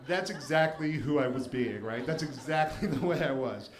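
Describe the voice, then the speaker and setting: A man's voice: mid-range voice, moderate pace, few pauses. A man in his forties from the Washington, D.C. area, telling a first-person story on stage with wry, self-deprecating humor. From Washington, D.C. area, USA. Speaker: storyteller and attorney. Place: live show venue before an audience. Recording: roomy live venue with faint ambience.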